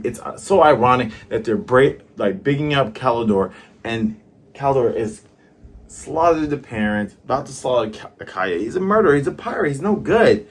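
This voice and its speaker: A man talks through a manga chapter in a loose, casual commentary, acting out the characters' lines along the way. His voice is husky, and his pitch jumps around a lot as he gets animated. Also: normal speed. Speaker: manga reviewer.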